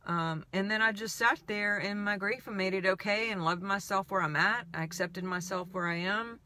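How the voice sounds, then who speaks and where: A woman with a bright, forceful voice tells a personal story in a candid, halting way, her emotion close to the surface. The recording is dry, with no room sound around her. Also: mid-range voice, no echo. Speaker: healing coach. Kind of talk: personal reflective monologue.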